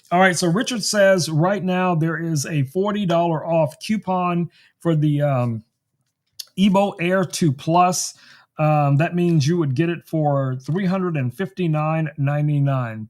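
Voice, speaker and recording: A man hosting a tech live stream, chatting casually to viewers about gadgets, full of fillers, recorded on a desk microphone in a home studio. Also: fairly high pitch. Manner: chatty, many fillers, addresses viewers as guys. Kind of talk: casual product demo talk. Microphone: desk microphone on a stand.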